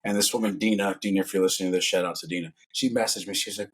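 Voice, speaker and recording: Man, husky voice, fitness coach, casual podcast chat, animated and jokey. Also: sits low, fast talker. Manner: animated, swearing, jokey storyteller.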